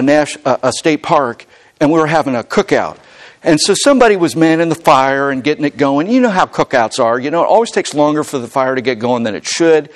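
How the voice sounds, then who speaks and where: A middle-aged man preaching a sermon as pastor, emphatic and animated, often acting out the people he quotes. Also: mid-range voice.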